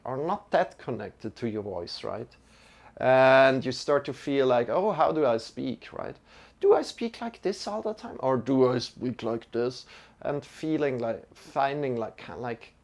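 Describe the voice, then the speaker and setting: A man teaching a beginner yoga and meditation lesson as a live stream, talking in a relaxed, chatty way with many fillers. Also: medium pitch. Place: home room.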